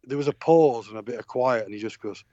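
A man's voice: mid-range voice, quick pace, warm tone, no echo, muffled recording. Rambling Sheffield man with a Yorkshire accent. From Sheffield, England. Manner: rambling storyteller, many fillers and restarts. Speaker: touring musician guest. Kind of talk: anecdotal interview chat.

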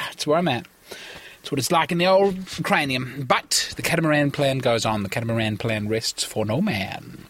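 A man's voice: mid-range voice, animated, normal speed, bright, forceful tone. A tired man hosting a rambling solo comedy podcast from a parked car, with theatrical, pompous mock-indignation.

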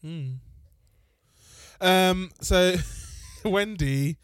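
A man's voice: high-pitched, very slow, clean tone, no room sound, clean studio sound. A man co-hosting a podcast, chatting bluntly and swearing freely into a handheld mic. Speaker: podcast co-host. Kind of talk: casual chat.

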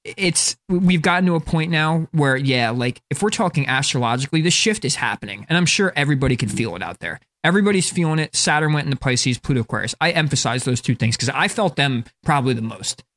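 A man's voice: a little high, animated, quick pace, hardly any pauses, fairly bright tone. A man from northern New Jersey, co-hosting a podcast in casual chat, rambling with lots of "like", restarts and swearing. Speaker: podcast co-host.

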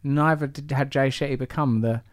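A man's voice: medium pitch, fairly even intonation, normal speed, no room sound, studio quality. A man hosting a podcast, teasing and rambling through asides between introductions. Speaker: podcast host. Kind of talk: playful podcast intro and banter.

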